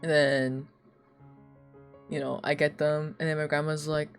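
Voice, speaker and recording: A young woman streamer telling casual stories, animated and laughing often, with lots of "like.". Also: low-pitched, normal speed, faint music behind. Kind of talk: casual storytelling chat.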